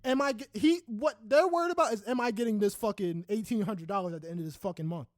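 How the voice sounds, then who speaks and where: Fired-up high-voiced man ranting. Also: quick pace, no echo, studio quality. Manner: heated, profane ranting with many restarts. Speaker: podcast co-host. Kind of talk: casual podcast chat.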